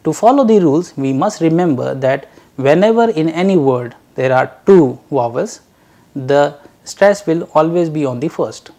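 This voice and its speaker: Slightly high and a little mellow, this man's voice leads a recorded language lecture. He speaks to dear learners, carefully and slowly drilling syllables and words.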